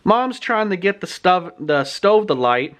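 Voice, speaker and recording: Animated, chatty male book reviewer. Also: high-pitched, unhurried. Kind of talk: casual story retelling.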